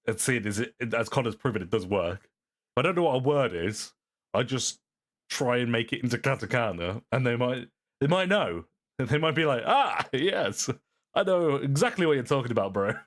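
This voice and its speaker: A man giving casual, rambling commentary on a video as a streamer, often repeating himself and calling the viewer "bro". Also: on the low side.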